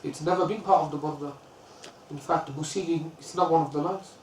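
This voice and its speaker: A man from the UK teaching a lesson on classical poetry, telling stories and chanting lines of verse quickly. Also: fairly high pitch, fairly even intonation, darkish tone, slight background noise. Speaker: religious teacher. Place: lesson room. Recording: roomy, distant mic, faint ambience.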